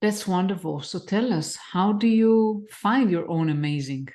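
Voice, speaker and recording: A woman hosting an interview podcast, welcoming her guest and asking measured questions. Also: medium pitch, warm tone. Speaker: podcast host.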